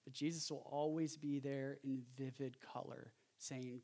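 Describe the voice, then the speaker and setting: A man preaching a sermon in a conversational, animated way, with joking asides to the congregation. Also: mid-range voice, measured pace, gravelly, hardly any pauses. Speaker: pastor.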